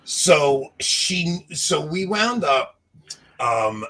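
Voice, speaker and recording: A man in his thirties telling a long personal story in casual chat, animated and laughing, acting out what people said. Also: on the high side, drawn-out words. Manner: animated, laughing, acts out quotes. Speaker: podcast co-host telling a story.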